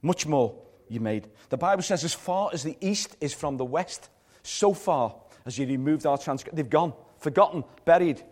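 A man's voice: fairly high pitch, expressive, normal speed, few pauses. Earnest man preaching a sermon. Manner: earnest, repetitive preaching with soft, dropping phrase endings. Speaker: pastor. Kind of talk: live sermon. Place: church service.

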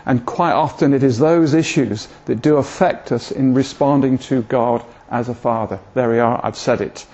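A man's voice: mid-range voice, normal speed, darkish tone. Older man, rambling preacher. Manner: rambling, hesitant, self-deprecating humour. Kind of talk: informal sermon talk. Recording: dull lo-fi recording.

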